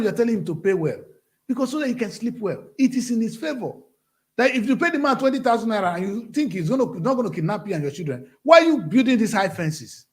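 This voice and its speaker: A Nigerian-accented man rants with fiery conviction, his voice pitched high and swinging wildly up and down. He preaches bluntly as the host of his own show. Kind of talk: impassioned monologue.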